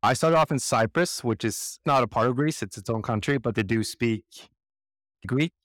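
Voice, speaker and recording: A man's voice: medium pitch, moderate pace, no room sound. A man from Sweden, an interview guest telling stories in a conversational way and acting out the voices of people he quotes. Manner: animated, acts out quoted voices. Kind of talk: conversational storytelling.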